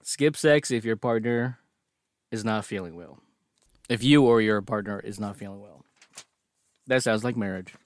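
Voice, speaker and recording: A man's voice: on the low side, normal speed, long pauses, no room sound, clean studio sound. A man co-hosting a podcast, joking and laughing as he reads notes aloud in casual banter. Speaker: podcast co-host.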